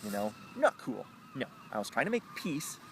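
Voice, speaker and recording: A man telling a rambling, profane story, jumping into high put-on voices when he quotes people. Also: normal speed, creaky, husky. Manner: animated, profane, jumps into squeaky voices when quoting others. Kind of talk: rambling anecdote with acted quotes.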